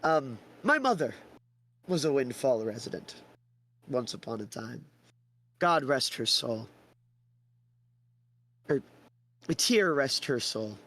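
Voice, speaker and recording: A man's voice: medium pitch, big pitch swings, takes it slowly, long pauses, a bit bright, heavily acted. A man voicing a boastful, fake-charming male lord with a grandiose, theatrical way of talking. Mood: smarmy charm.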